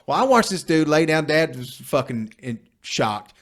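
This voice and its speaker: A podcast host in his 40s tells a long story on a casual show, speaking at normal speed in a slightly high voice. He's a profane, animated storyteller who swears freely and acts out the other people involved.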